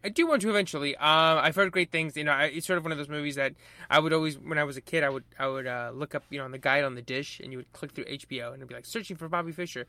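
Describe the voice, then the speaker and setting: A man's voice: a little high, racing, sharp tone, dry recording. A man co-hosting a casual podcast chat, easygoing, with frequent fillers and restarts and casual swearing.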